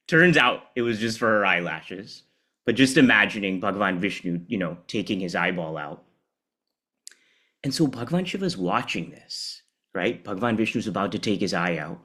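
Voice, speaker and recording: A man giving a devotional storytelling talk in an animated, conversational way. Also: on the low side, moderate pace. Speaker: speaker at a temple celebration.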